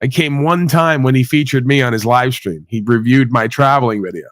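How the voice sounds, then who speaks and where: A man's voice: medium pitch, a little fast, no echo. A man hosting a livestream, ranting casually with blunt, sweary sarcasm. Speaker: livestream host.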